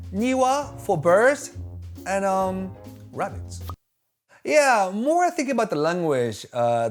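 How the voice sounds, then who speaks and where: A man with a Japanese accent, a YouTube host explaining Japanese in a playful, jokey way. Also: fairly high pitch. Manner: playful, jokey, animated delivery. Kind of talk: comedic explainer video.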